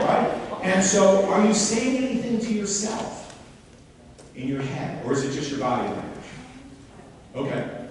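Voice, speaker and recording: A man giving a live workshop demonstration to an audience and coaching a volunteer on stage in an animated, questioning way. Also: high voice, measured pace, long pauses, background noise. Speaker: seminar speaker. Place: large hall before an audience. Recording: echoey hall, mic far off.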